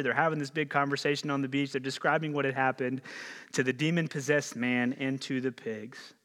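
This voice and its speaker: A male pastor giving a sermon in an animated, conversational way, telling stories with casual slang. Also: medium pitch. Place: church auditorium. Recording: long reverb of a church hall.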